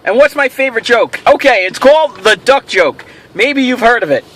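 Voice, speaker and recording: A man's voice: very high-pitched, expressive, moderate pace, fairly bright tone. A man hosting a casual question-and-answer vlog, rambling and telling jokes with self-amused delight. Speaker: host of a toy show.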